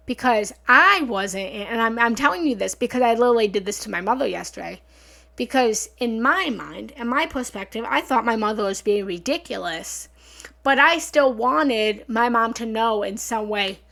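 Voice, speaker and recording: A woman's voice: mid-range voice, expressive, moderate pace, gravelly, pushed and bright. A woman hosting a live meditation talk, chatting earnestly with viewers as she reads their comments, recorded on a studio mic at home. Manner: earnest, chatty, often repeats herself and thanks viewers. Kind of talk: casual live-stream talk, reading and answering comments. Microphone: studio mic through a small soundboard.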